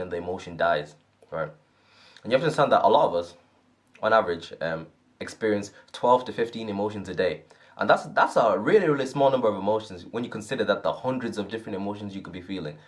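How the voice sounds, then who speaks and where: A man giving an earnest, casual talk on self-help, often checking in with "right?". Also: on the low side.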